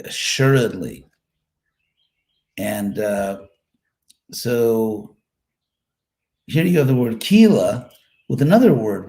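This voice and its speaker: A man giving a live scripture class, explaining words one by one in a relaxed, thinking-aloud way with fillers and repeated phrases. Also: on the low side. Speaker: Sanskrit scripture teacher.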